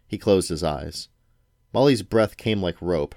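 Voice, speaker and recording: A man reading a novel aloud to his sons at home, at a steady, unhurried pace. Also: deep voice, dry recording, clean studio sound. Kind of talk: bedtime storybook reading.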